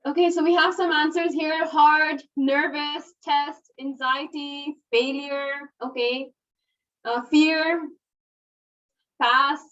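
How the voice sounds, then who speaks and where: A woman hosting an online webinar in a chatty, casual way, laughing often and filling pauses with "okay" and "you know". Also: sits high, fairly even intonation, a bit bright. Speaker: webinar host. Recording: dull, distant webinar audio.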